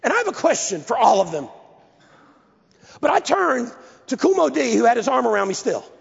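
A man preaching a sermon, telling a story in a lively, self-mocking way. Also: very high-pitched, a little fast, vocal fry, breathy edge. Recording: lo-fi, echoey hall.

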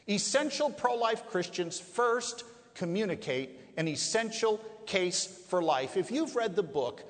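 A man preaching to a live audience, emphatic, leaning on rhetorical questions and stretching key words for weight. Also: a little high. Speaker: pro-life speaker. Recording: echoey hall, long reverb.

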